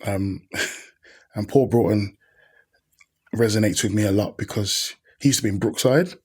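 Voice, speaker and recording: A husky, low-voiced man, a podcast guest sharing stories in an easy, conversational way. He talks in slang and brings the people in his stories to life by voicing them. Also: unhurried. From Birmingham, England. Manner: animated, slangy storyteller who acts out quoted people. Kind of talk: casual interview storytelling.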